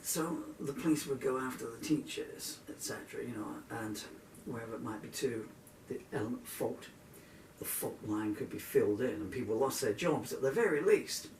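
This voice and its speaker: Gravelly man in his sixties, rambling. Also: mid-range voice, normal speed, darkish tone, reverberant, distant mic, slight background noise. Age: 60s. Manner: digressive, indignant. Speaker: singer-songwriter. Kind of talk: rambling monologue between songs.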